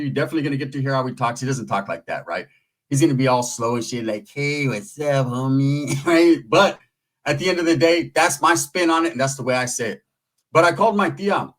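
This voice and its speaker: A man's voice: on the high side, a bit bright, rough recording. A man hosting his own channel, telling a story in a slangy, playful, rhythmic way. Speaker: channel host. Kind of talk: casual storytelling commentary.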